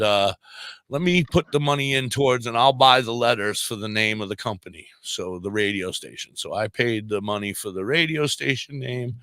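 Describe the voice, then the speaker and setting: This man has a lowish voice and no echo around it, recorded on a podcast microphone. As a podcast guest and radio DJ, he spins a casual story, acting out quoted dialogue with animation.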